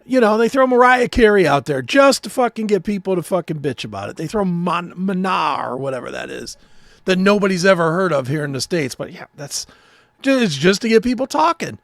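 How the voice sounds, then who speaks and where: A man in his fifties with a strikingly high, gravelly voice rants sarcastically through a casual podcast chat and swears freely. The sound is dry and close. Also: sing-song, fairly quick, no echo. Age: 50s. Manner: sarcastic, ranting, swears often. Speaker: podcast co-host. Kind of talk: casual profane podcast banter.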